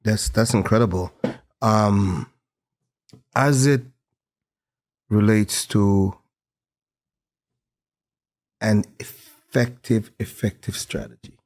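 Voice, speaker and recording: A man hosting a podcast, asking a halting question and searching for his words. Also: on the low side, a little mellow. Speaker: podcast host. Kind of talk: interview questions.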